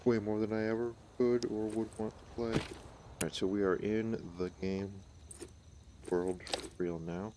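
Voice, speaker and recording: A man's voice: lowish voice, level tone, unhurried, background noise. A man streaming himself playing a VR game, chatting casually in an offhand, rambling way with the odd swear word. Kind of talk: casual gameplay commentary.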